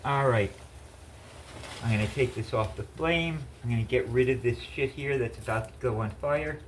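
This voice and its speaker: A man's voice: medium pitch, normal speed, slight background noise, rough recording. A man casually chatting in his home kitchen while cooking, rambling with lots of fillers. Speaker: home cook vlogger.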